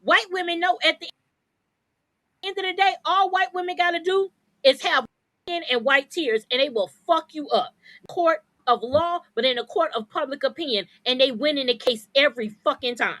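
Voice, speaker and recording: Fired-up woman ranting, high bright voice. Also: moderate pace, no echo. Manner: profane, blunt, fired-up ranting. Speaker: podcast co-host. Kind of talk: heated podcast rant.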